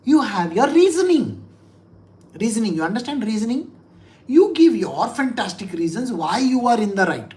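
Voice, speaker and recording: A woman's voice: on the high side, moderate pace. A woman spiritual teacher, giving a blunt, scolding scripture talk full of anecdotes. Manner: blunt, scolding, animated storytelling.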